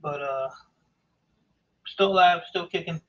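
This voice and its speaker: A man streaming himself taking apart e-waste, chatting in a rambling, offhand, self-mocking way, hoarse from talking for hours. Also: a little high, measured pace, fairly bright tone, muffled recording. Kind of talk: casual livestream chat.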